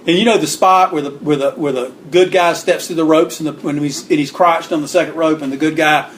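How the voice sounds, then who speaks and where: A man guest on an interview, telling stories in an animated way, acting out what people said and clearing his throat now and then. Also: on the high side, a little fast, a little hiss or hum. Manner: animated storyteller acting out quotes. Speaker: guest author. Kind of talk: storytelling interview.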